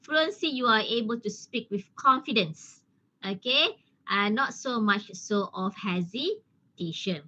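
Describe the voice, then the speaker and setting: A woman's voice: a little high, lively intonation, measured pace, sharp tone, dull audio. A woman lecturer, teaching a speaking workshop and checking in with "okay?" after nearly every point. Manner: explains with many "okay?" checks, laughs easily. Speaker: English lecturer. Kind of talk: workshop teaching over a live stream.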